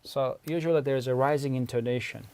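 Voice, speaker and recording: A man's voice: mid-range voice, quick pace, a little mellow. A man with an Uzbek accent, Uzbek his first language, giving a patient, methodical lecture as a language researcher. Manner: patient, methodical, stops often to clarify terms. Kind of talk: explanatory lecture.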